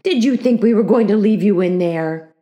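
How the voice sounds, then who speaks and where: A woman's voice: mid-range voice, normal speed, dark tone, lightly acted. A woman voicing a polite schoolboy who talks in a plain, slightly glum way. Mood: friendly. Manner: plain and reasonable, a little glum. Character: polite, good-natured schoolboy with his dog.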